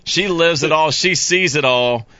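A man's voice: a little high, unhurried, pushed and bright, no echo, lo-fi sound. A man being interviewed as a guest about making fishing videos, talking in a laid-back, rambling way with lots of fillers. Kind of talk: casual interview chat.

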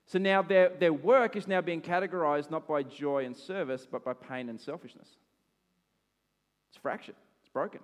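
Animated Australian preacher in a reverberant hall. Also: male voice, medium pitch, fast. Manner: animated and conversational, with asides and laughs. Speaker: pastor. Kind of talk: sermon.

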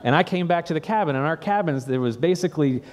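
A man's voice: fairly high pitch, animated, fast talker, darkish tone. A man who is a pastor, giving a sermon that retells a personal story in a conversational way and often repeats the first word of a phrase.

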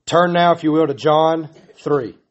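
A man's voice: fairly high pitch, unhurried, muffled recording. A man preaching a sermon, earnest and pleading, building his points through repetition. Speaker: pastor.

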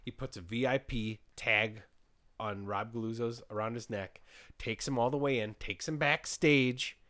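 A man's voice: medium pitch, measured pace. A man hosting a podcast in casual chat, retelling a story and quoting people with lots of "he goes". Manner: animated storyteller, retells quotes with repeated "he goes". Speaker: podcast host.

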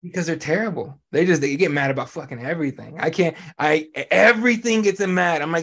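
A male podcast host ranting about sports in loose, casual chat. He talks bluntly and swears freely, with a voice sitting a little higher than most men's. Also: brisk, hardly any pauses. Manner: blunt, profane, animated ranting.

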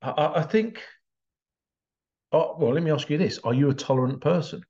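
A man's voice: on the high side, normal speed, darkish tone, lo-fi sound. An Englishman hosting a podcast in a casual solo monologue, rambling and digressive with frequent chuckles. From England. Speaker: podcast host.

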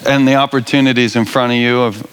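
A man hosting a church gathering, speaking slowly and encouragingly. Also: mid-range voice, fairly even intonation, clear, resonant tone. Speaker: host.

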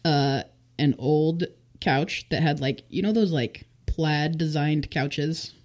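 A woman's voice: sits low, slow pace, a little mellow. A young woman telling her life story as a guest in a casual interview, chatty and full of fillers, acting out what people said. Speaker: podcast guest.

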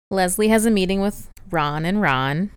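A woman's voice: medium pitch, measured pace, smooth, no echo. A woman co-hosting a casual podcast at home, chatting and recapping a TV show, laughing often. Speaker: podcast co-host. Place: home, with a cat.

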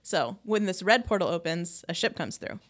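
A woman in easy podcast conversation, recapping an episode. Her tone is relaxed and chatty, and she swears casually as she goes. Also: fairly low pitch, moderate pace. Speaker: podcast co-host.

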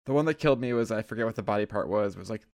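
A man's voice: lowish voice, very fast. Laid-back man bantering on a podcast. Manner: laughs easily, upbeat banter. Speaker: podcast co-host. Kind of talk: casual chat.

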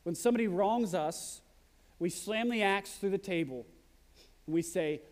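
A man's voice: sits high, moderate pace, in a large hall. A man preaching a sermon as pastor, earnest and direct, mixing in humorous asides.

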